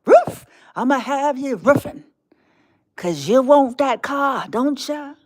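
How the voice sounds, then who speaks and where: A woman's voice: high-pitched, expressive, takes it slowly. A woman streaming live, delivering a mocking monologue as a tempter, drawling with laughs and whispered asides.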